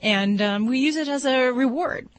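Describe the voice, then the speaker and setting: A woman's voice: high-pitched, moderate pace, no room sound. A woman veterinarian speaking on a radio show, earnest and enthusiastic. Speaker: veterinarian guest expert. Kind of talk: radio chat.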